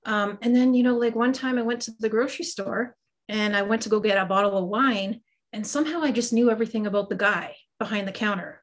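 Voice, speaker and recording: Quick-paced and fairly high-pitched, a middle-aged woman talks about her life as a guest on an interview. She's a psychic medium and Reiki master, and her tone is casual and self-deprecating, peppered with fillers.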